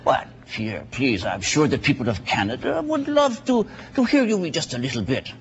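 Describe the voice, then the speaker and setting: A man doing a comedy impression of a vain former prime minister who interviews himself, smug and halting with many uhs. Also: mid-range voice, huge pitch swings, lo-fi sound, slight background noise. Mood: coy.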